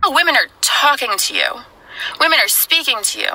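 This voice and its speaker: A woman's voice: sits high, huge pitch swings, brisk, sharp tone, rough recording. A woman speaking earnestly straight to the viewer in a played clip. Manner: earnest, lectures the viewer directly. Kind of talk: earnest direct-to-camera address.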